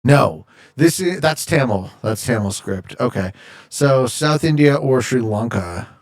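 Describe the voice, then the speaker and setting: This Canadian man streams a game and chats casually, reading viewer messages aloud and joking as he responds. His mid-range voice is expressive and unhurried.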